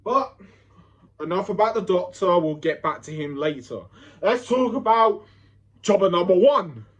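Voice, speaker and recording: A man's voice: high-pitched, lively intonation, a little slow, fairly bright tone, muffled recording. A British man cutting a mocking wrestling promo, sneering at rivals and mimicking them with quacking sounds. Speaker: fan wrestling promo performer. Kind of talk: wrestling trash-talk promo.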